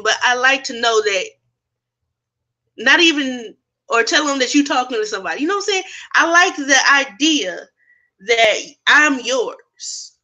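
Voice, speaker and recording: A woman hosts a casual round-table discussion, speaking bluntly and getting straight to the point. Her voice sits a little high and sounds bright and forward. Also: normal speed. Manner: blunt and direct, animated.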